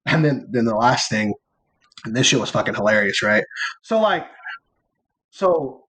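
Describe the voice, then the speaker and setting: A man's voice: mid-range voice, animated, unhurried, a bit bright. A young man co-hosting a podcast, telling a story in a loose, rambling way, leaning on filler words and casual swearing. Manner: rambling storytelling, heavy use of "like" and "or whatever"; laid-back and playful, swearing casually. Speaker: podcast co-host. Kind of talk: casual chat.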